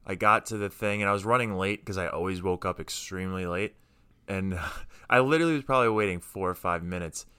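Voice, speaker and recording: Bright, crisp-voiced young man chatting. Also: low-pitched, a little fast, dry recording. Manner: self-deprecating storyteller. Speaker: podcast co-host. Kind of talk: casual chat.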